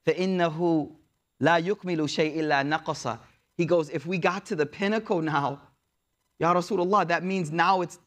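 A man preaching a story sermon in a casual, slangy way, moving between hushed, soft passages and excited bursts. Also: a little high. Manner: casual slangy preaching, recites Arabic verses quickly.

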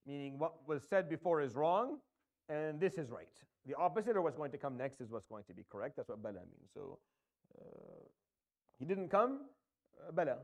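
A man's voice: medium pitch, a little mellow. A man teaching a Quran tafsir lesson, explaining Arabic grammar step by step and reciting verses, with frequent fillers and restarts.

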